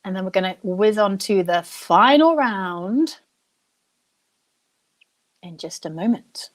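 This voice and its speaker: A young woman hosting a live online quiz, chatting and thinking out loud, reading each question slowly and then repeating it. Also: medium pitch, expressive. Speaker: quiz host.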